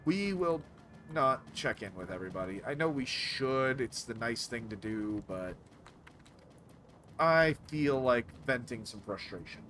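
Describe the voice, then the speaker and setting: A man's voice: mid-range voice, measured pace, faint music behind. A man casually commenting while streaming a video game, rambling and cutting himself off often. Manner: rambling, self-interrupting, animated.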